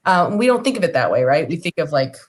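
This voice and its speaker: A woman guest in a casual remote chat, telling stories in a lively, chatty way. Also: deep voice, fast talker. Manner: chatty, animated storyteller. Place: home, remote video call.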